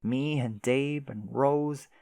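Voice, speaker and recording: A man doing a patient companion, hushed and coaxing, steady under strain, read aloud from a comic. The voice stays gentle and low-key while urging her on. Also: slow pace, creaky, clean tone, no echo.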